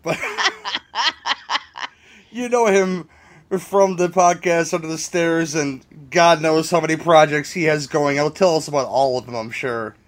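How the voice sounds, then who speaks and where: A man's voice: on the high side, measured pace. A man hosting a podcast, joking and rambling in casual chat with his guests. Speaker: podcast host.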